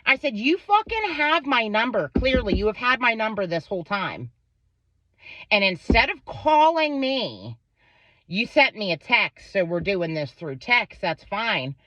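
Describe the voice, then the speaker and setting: A woman's voice: on the high side, big pitch swings, measured pace, sharp tone, no room sound, dull audio. A woman telling an angry story about her son and a neighbor, swearing freely and acting out what each person said. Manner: profane, heated, quotes others in voices.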